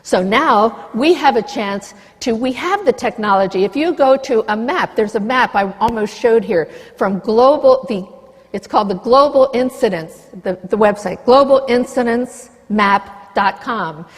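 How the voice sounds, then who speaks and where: Passionate woman speaking in a reverberant hall. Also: mid-range voice. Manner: passionate, indignant, reads from papers. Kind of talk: public talk.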